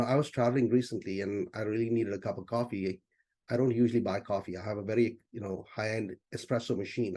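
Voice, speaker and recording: A man's voice: mid-range voice, dark tone, slightly rough. A man as a business coach, teaching in a loose, conversational way during an online session and often saying "you know".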